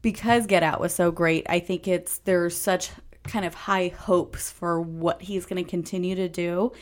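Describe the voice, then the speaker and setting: A woman co-hosting a podcast in casual chat, animated and exasperated as she picks things apart, swearing offhandedly. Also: lowish voice, measured pace. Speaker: podcast co-host.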